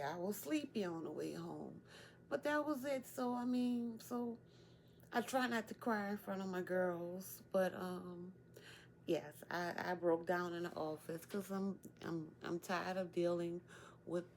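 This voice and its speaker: Weary, gravelly-voiced middle-aged woman. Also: medium pitch, darkish tone, slight background noise. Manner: weary, candid. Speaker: vlogger. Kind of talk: personal video diary.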